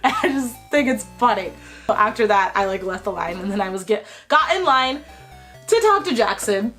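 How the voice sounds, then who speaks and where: A young woman from Texas telling a casual storytime in a chatty, animated way, full of "like," her voice a bit worn from being sick. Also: mid-range voice, normal speed, faint music behind. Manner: chatty, lots of filler likes, animated retelling. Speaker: vlogger.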